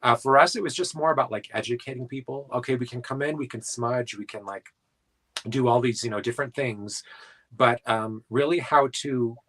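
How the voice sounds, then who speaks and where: A man's voice: medium pitch, moderate pace, fairly bright tone, a little hiss or hum, poor audio. Rambling man, paranormal investigator guest. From South Dakota, US. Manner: rambling, lots of filler words. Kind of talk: casual interview talk.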